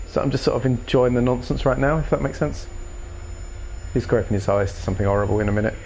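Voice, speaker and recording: A man's voice: mid-range voice, fast talker, a little mellow, slight background noise. A man giving casual, jokey game commentary with rambling, playful asides. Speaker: gaming streamer.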